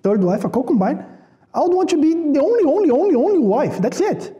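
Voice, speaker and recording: A man's voice: very high-pitched, very animated, fairly quick, warm tone, lo-fi sound. A man preaching a sermon in a conversational way, repeating words for emphasis and asking the congregation rhetorical questions. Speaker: pastor.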